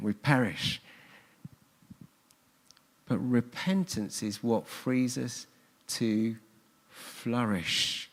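A man preaching a sermon in a church, telling the story earnestly and repeating his key phrases for emphasis. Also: fairly high pitch. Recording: long church hall reverb.

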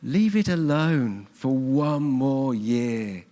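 A man voicing a humble male vineyard gardener with a West Country accent, speaking in a slow, gentle rural drawl. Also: mid-range voice, animated, big-room sound. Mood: pleading.

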